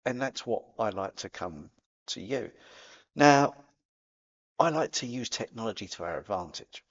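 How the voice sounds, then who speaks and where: A man's voice: fairly low pitch, lively intonation, unhurried, muffled recording. A man with a Cockney accent talking casually to camera as a spiritual vlogger, chatty and playful, dropping in sound effects. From England.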